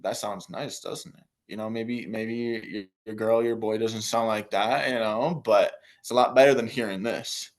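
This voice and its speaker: A man's voice: lowish voice, steady tone, moderate pace, hardly any pauses. Casual young man coaching with pep talk. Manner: casual, repetitive, filler-heavy pep talk. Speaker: business coach. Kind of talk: motivational coaching call.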